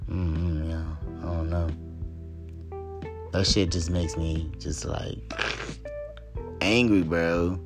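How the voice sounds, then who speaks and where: A very deep-voiced man delivers a solo talk-show rant, heated and full of profanity. He keeps coming back to the same points with blunt emphasis, while faint music plays under him. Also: fairly even intonation, slow pace, long pauses. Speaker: podcast host.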